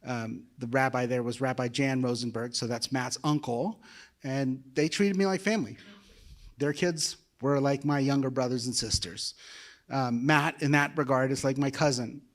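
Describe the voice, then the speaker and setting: A guest preacher, a man, shares his conversion story in a personal testimony sermon, speaking with emotion in a conversational way. His voice is medium-pitched and steady at a moderate pace.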